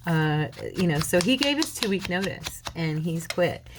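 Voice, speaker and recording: A woman's voice: lowish voice, lively intonation, a little slow, noisy background. A woman hosting a crafting video, telling a rambling story in casual chat as she works. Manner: rambling, chatty storytelling with many restarts. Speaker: crafting channel host.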